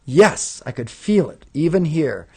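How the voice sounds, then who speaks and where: A man leading a live spiritual invocation session, chanting decrees in rhythmic, repeated lists and dropping into relaxed asides to listeners. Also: on the high side, measured pace, creaky, husky. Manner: rhythmic, incantatory, repeating lists with rising emphasis.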